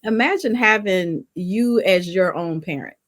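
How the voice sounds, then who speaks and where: A woman counselor appearing as a podcast guest, speaking in a calm, measured and reflective way. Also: medium pitch. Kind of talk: interview talk.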